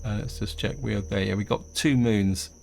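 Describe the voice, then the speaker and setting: A man's voice: lowish voice, brisk, gravelly, soft background music. A man casually commenting on his own gameplay, thinking aloud as he plays. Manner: relaxed, thinking aloud while playing. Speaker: gaming video host.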